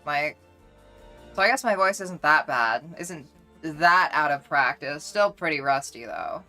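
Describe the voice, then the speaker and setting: A woman's voice: deep voice, lively intonation, measured pace, pushed and bright, faint music behind. A woman streamer chatting casually with her viewers, rambling along with many restarts.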